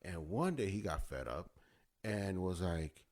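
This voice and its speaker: A man's voice: sits low, very animated, unhurried, a little mellow. A man guesting on a casual chat, laid-back and slangy, laughing along and telling school stories.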